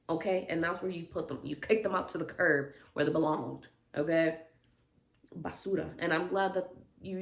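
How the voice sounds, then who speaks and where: A woman's voice: low-pitched, gravelly. A woman hosting a storytime channel, reading Reddit posts aloud and breaking in with emphatic, slangy asides to viewers. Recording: roomy echo.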